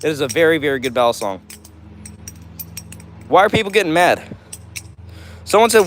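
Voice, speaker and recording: A man's voice: on the high side, very animated, moderate pace, slight background noise. A man hosting a casual livestream, reading out chat comments in a chatty, upbeat way and often saying "all right". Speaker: livestream host.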